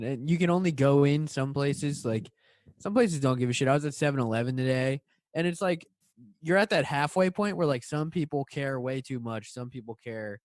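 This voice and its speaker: A man's voice: medium pitch, no echo, studio quality. A man co-hosting a casual podcast, telling a story hesitantly with many fillers and swearing. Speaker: podcast co-host. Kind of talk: casual chat.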